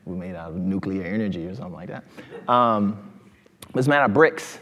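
Lively lecturer man, "right?" every line. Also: deep voice, brisk. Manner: animated, asks the crowd "right?" often. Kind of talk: lively talk to a live audience.

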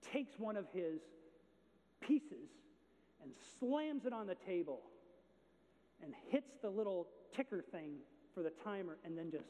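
A male pastor delivering a sermon, telling a story with big swings in pitch and volume. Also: expressive, normal speed, warm tone, a little hiss or hum. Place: church sanctuary. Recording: dull lo-fi sound with long hall reverb.

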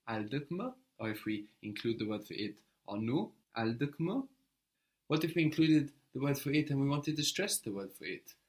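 A man teaching a language lesson, prompting a learner and repeating answers slowly and patiently. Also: medium pitch.

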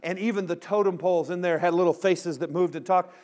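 A man giving a storytelling sermon to students in front of a live audience, acting out voices and turning quiet and earnest toward the close. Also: sits high, fairly quick. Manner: animated storyteller who acts out voices.

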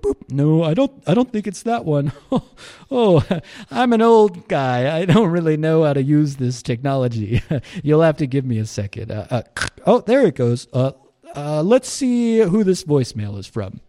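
A man's voice: on the high side, very animated, normal speed, warm tone. A man playing jolly old Santa Claus. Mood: chuckling. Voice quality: chuckling, rambling, self-mocking. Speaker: radio host. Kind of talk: comedic radio character bit.

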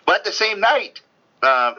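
A man on a convention panel telling a story in a casual, animated way, stammering and restarting often. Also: high voice, slow pace. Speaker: convention guest. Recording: dull lo-fi sound.

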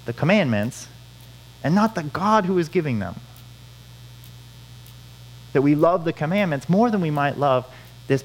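A man's voice: mid-range voice, low-quality recording. A man preaching a sermon, earnest, repeating key phrases for emphasis. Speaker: pastor.

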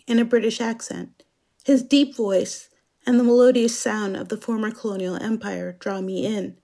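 A woman from Germany performing a scripted dramatic monologue as narrator, speaking in a slow, measured, introspective way. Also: a little high, creaky, warm tone.

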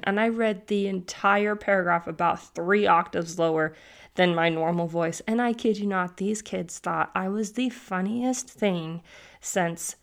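A woman's voice: lowish voice, a little slow. A woman who teaches, hosting an educational podcast in an upbeat, chatty way and laughing easily as she tells stories.

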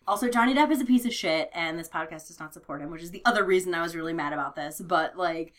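A woman co-hosting a casual movie podcast, animated and laughing often as she mimics characters. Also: lowish voice, fast talker. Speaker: podcast co-host.

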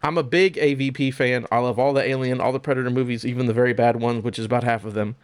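A young man hosting a podcast, chatting casually about video games in an animated, profane, joking way. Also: mid-range voice, fast, clean tone, no echo. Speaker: podcast host.

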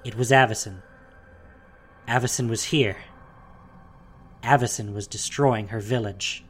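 A narrator reading a fantasy audiobook in a steady, dramatic storytelling manner. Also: mid-range voice, a little slow, soft background music.

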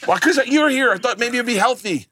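A man hosting a casual cooking show who teases his guests in an animated way. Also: extremely high pitch, a little fast, a little hiss or hum. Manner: animated, teasing. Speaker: host. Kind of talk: casual chat. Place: home kitchen.

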